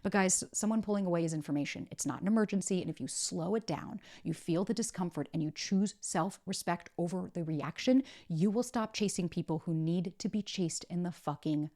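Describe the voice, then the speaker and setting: A woman's voice: lowish voice, brisk, few pauses, mellow. A woman hosting a podcast, giving blunt, emphatic dating advice and swearing often. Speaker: podcast host and dating coach. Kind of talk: direct-to-camera advice talk.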